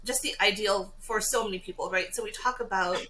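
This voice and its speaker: Bright, laughing woman wedding planner. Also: mid-range voice, slight background noise, rough recording. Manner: animated, laughs often, quick storytelling. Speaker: podcast guest, wedding planner. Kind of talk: casual podcast chat.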